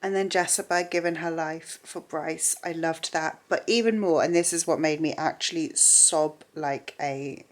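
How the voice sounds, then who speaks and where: A woman's voice: deep voice, moderate pace, hardly any pauses. A woman talking casually as a book vlogger, gushing and chatty with lots of fillers. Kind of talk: casual reading vlog.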